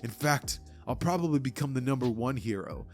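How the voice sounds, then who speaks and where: A man's voice: mid-range voice, animated, brisk, creaky, darkish tone, faint music behind. A man voicing a shy, humble teenage boy who stammers nervously. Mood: timid. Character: timid, humble, overpowered teenage boy hero.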